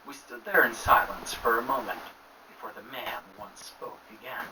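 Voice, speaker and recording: Hushed man narrating a horror story. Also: mid-range voice, normal speed. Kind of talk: scripted narration. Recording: distant mic with clear noise.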